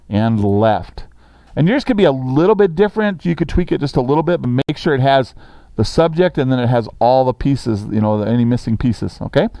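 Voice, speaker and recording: Reading sentences at a slow pace for his sixth graders to copy, a middle-aged teacher leads a brisk, encouraging language lesson. His voice sits in the mid range, dark and smooth, while the audio is dull with no echo.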